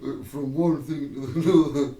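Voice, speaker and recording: A man's voice: mid-range voice, steady tone, moderate pace, mellow. Chuckling man, echoey room. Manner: chuckling, digressive, keeps breaking into laughter. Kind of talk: rambling anecdote to camera. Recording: roomy echo, mic at a distance.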